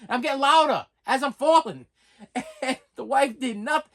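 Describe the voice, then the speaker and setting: A man's voice: very high-pitched, brisk, fairly bright tone. A man in his forties telling a self-mocking story in a casual vlog, stammering and often saying "listen". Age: 40s. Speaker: vlogger.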